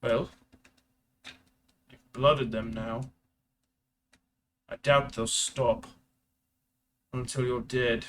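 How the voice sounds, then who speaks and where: A man's voice: medium pitch, fairly even intonation, drawn-out words, pauses often, fairly bright tone. Tabletop game figure: stern male commander, clipped orders, a man voicing him, light room hum behind. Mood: urgent.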